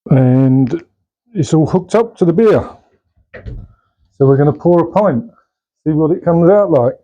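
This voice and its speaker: A man chatting casually as he brews and pours his own beer in a home bar shed, relaxed and asking tag questions. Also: a little high, a little slow, muffled recording. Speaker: home brewer. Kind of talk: casual how-to chat. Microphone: camera mic, held by a helper.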